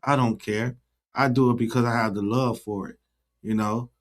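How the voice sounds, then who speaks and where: A man's voice: mid-range voice, steady tone, normal speed. Man, channel host, casual livestream chat, earnest, repetitive.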